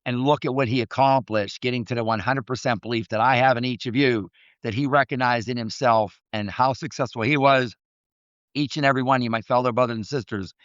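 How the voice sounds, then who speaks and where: A man speaks in a smooth, clear voice of middling pitch, earnest and preachy as he tells stories. The sound is dry and a little dull and lo-fi, with no room around it. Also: a bit bright, dry recording. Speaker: mindset coach podcast host. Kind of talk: motivational talk.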